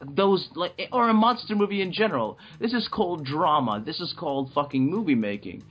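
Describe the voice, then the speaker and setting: A man co-hosting a casual movie chat, talking in excited, profane, rambling bursts with many restarts. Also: on the high side, fairly quick, lo-fi sound. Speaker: podcast co-host.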